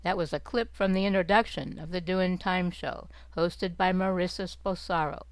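A woman's voice: lowish voice, steady tone, normal speed, slight background noise, rough recording. Formal woman radio announcer. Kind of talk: scripted radio links.

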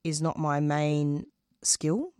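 A woman's voice: low voice, darkish tone, clear, resonant tone, dry recording, studio quality. A middle-aged woman, a radio host, speaking passionately as an interview guest, often breaking off and restarting her sentences. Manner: passionate, halting, with frequent restarts. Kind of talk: conversational interview.

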